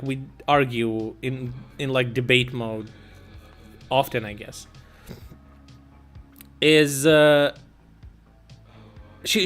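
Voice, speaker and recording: A young man chatting casually, telling a story in a rambling, animated way with lots of fillers and swearing. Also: a little high. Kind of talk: casual chat.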